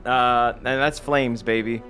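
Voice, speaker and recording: A man playing a tabletop game, chatting in a jokey, animated way and swearing freely. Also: mid-range voice, slow, faint music behind. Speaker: player. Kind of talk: casual game chat.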